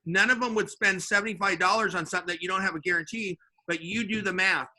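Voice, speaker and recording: A man, a sales manager and podcast guest, telling an animated story and acting out the dialogue with voices. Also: sits high, fast talker. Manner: acts out the dialogue in his stories with voices. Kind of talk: animated storytelling in casual chat.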